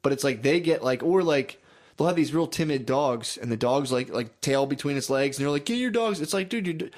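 A young man in casual chat, telling animated stories, swearing often and acting out other people's voices. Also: mid-range voice, a little fast. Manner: animated storytelling, swears a lot, acts out voices.

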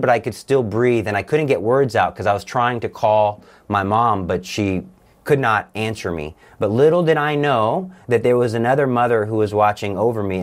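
A man appearing as a guest, giving an earnest and intense personal religious testimony. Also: fairly low pitch.

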